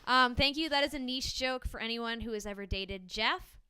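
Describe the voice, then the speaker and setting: A woman's voice: on the high side, moderate pace, heavy background noise. A young woman doing a stand-up comedy set before a small live audience, chatty and self-deprecating with frequent ums and laughs.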